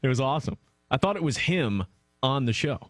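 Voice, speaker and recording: A man's voice: medium pitch, lively intonation, fairly quick, a bit bright, dry recording, clean studio sound, faint music behind. Easygoing male sports radio co-host. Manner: easygoing, chatty, laughs along. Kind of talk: sports talk radio banter. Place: radio studio. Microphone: studio microphone.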